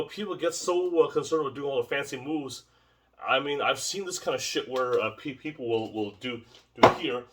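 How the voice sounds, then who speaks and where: A man's voice: mid-range voice, fairly bright tone, distant mic. A man teaching martial arts drills in a casual, rambling way, often repeating words as he demonstrates. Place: home training space.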